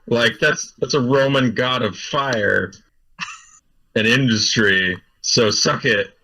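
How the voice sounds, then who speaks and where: A man's voice: mid-range voice, slow, creaky, bright, forceful tone, far from the mic, poor audio. A man playing a tabletop game, teasing his friends. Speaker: player. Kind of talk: casual tabletop game play.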